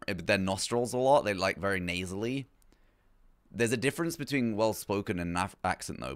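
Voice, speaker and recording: A man's voice: lowish voice, expressive, fairly quick, fairly bright tone, dry recording. A young English man with a plain southern English accent, rambling casually to his stream chat about accents. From England. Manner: rambling, self-correcting, chatty.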